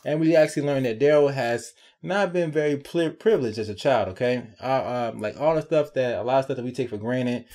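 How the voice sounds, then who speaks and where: A man giving a casual, sarcastic recap and review of a TV episode, chatty and animated, tagging his points with quick check-ins to the viewer. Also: mid-range voice. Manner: chatty, animated, sarcastic asides with frequent tag questions.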